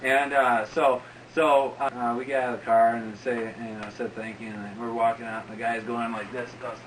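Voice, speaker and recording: A man's voice: medium pitch, flat delivery, normal speed, fairly bright tone. A man in his forties telling a casual story in a rambling way, full of fillers and asides. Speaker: interviewee. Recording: distant mic with faint background noise.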